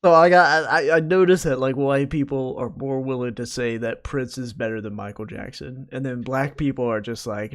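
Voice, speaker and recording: A man co-hosting a podcast rambles through his opinions in a loose, joking way, stammering and restarting often. His voice sits at an ordinary pitch for a man. The recording is dry, with no room echo. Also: steady tone, moderate pace, few pauses. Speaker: podcast co-host. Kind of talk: casual chat.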